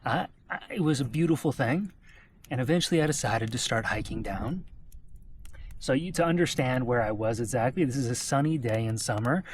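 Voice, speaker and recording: Animated man telling a travel story. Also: mid-range voice, brisk, slight background noise. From United States. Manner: animated, checks in with listeners. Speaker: travel vlogger. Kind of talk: storytelling to camera.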